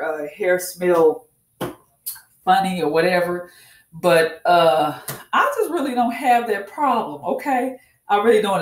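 Chatty woman in an echoey room. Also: sits low. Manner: chatty, repeats herself, calls viewers y'all. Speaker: hair care vlogger. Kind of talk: casual chatty tutorial.

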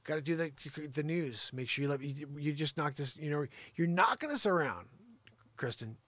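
A live improv comedy host teasingly rants at a caller, feigning outrage in an animated way at normal speed. His voice is a little high for a man and fairly bright in tone, and the sound is close and dry without room echo.

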